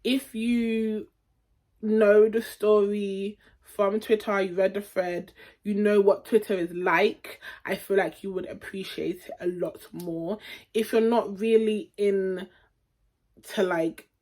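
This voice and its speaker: A woman's voice: mid-range voice, steady tone, slow, darkish tone. A young woman giving a casual, frank film review full of slangy asides.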